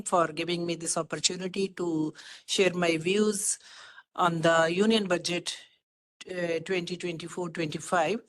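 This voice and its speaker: A woman with an Indian English accent giving a formal webinar presentation over a video call, listing points in a measured way with frequent fillers. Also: lowish voice, fairly bright tone, low-quality recording. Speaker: webinar speaker, economist.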